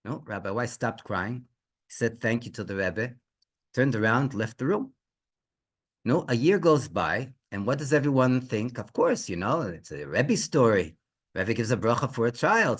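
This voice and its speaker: Animated rabbi telling a story. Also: male voice, mid-range voice, moderate pace. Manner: animated, many restarts and fillers, rhetorical questions. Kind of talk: religious storytelling.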